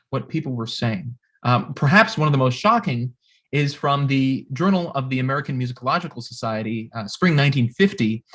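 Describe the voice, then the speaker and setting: A man's voice: mid-range voice, a bit bright. A young man, a composer, giving a recorded music history lecture with many fillers and restarts.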